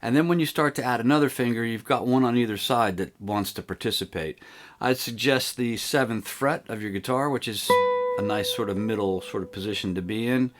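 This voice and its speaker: A man giving a casual guitar lesson on video, explaining in a relaxed, rambling way and counting the picking aloud. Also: medium pitch, fairly quick. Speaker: guitar teacher. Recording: loud guitar playing behind.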